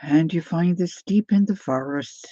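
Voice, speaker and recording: A woman's voice: fairly low pitch, measured pace, warm tone, no room sound, dull audio. A woman hosting a casual live crafting demo, chatting as she thinks aloud and answers viewer comments. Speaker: craft livestream host.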